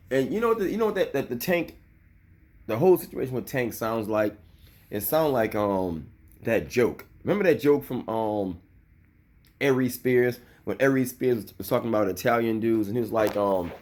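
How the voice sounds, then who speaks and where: A man's voice: mid-range voice, expressive, fairly quick, a little hiss or hum. A man in his thirties giving a loose, heated and profane commentary rant, full of filler. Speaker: vlogger.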